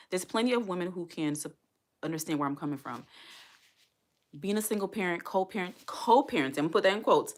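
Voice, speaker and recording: A woman vlogging as a single mom, talking earnestly and heartfelt to her viewers and repeating herself for emphasis. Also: deep voice. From United States. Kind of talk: casual livestream talk to viewers.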